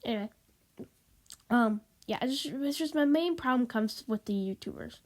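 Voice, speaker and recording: A woman's voice: fairly high pitch, expressive, moderate pace. A woman vlogging in a casual, rambling monologue, stuffy and sniffling, apologetic and repeating herself, recorded on a tablet. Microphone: tablet microphone.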